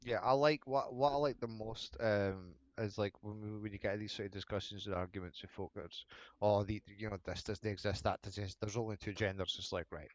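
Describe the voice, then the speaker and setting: A man's voice: fairly low pitch, steady tone, fairly quick, dry recording. Foul-mouthed Scottish man, dull dry audio. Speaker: podcast host. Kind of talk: casual chat.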